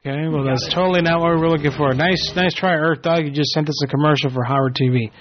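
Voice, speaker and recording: A man's voice: on the high side, steady tone, fast talker, a little hiss or hum. A man hosting a prank call radio show, brash, bossy and swearing freely. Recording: dull lo-fi with faint music.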